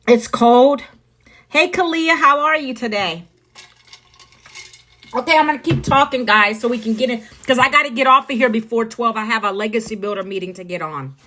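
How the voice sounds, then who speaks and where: A middle-aged American woman speaks into her phone on a live stream, her voice sitting a bit high. She talks bluntly and preachily, addressing viewers directly and by name. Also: sharp tone. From United States. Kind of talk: casual live-stream monologue.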